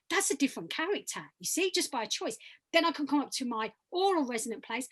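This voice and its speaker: A woman with a high, bright voice coaching a vocal workshop over a video call. She talks participants through breath and resonance exercises, demonstrating each one aloud with encouragement. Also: expressive, a little fast. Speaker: voice workshop leader.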